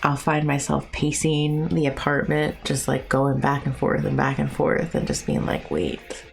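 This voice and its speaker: A woman's voice: low-pitched, moderate pace, vocal fry. A woman in her thirties chatting casually with her live-stream viewers while she paints. She is chatty and self-mocking, and she talks to chat between brushstrokes. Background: soft music.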